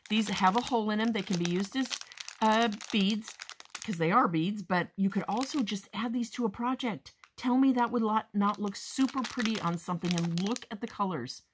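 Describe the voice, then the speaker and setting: A woman hosting a crafting haul video, chatting casually and gushing with excitement, often calling her viewers "guys". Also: medium pitch, moderate pace, slight background noise. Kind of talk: casual show-and-tell haul chat.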